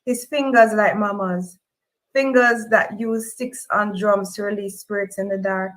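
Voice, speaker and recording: A woman with a Jamaican accent reads a novel aloud in a middle-pitched voice. She tells the story in the first person, and her voice rises into high emotional cries in the dialogue. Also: fairly even intonation, unhurried, poor audio. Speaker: reader. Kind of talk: audiobook-style fiction reading.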